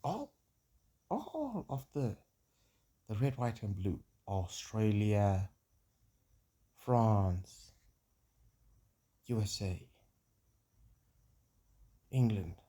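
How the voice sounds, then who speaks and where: Husky South African man, dry apologies. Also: lowish voice, big pitch swings, extremely slow, long pauses, warm tone. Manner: mock-formal, self-deprecating, apologetic. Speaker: social media comedian. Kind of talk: casual comic monologue.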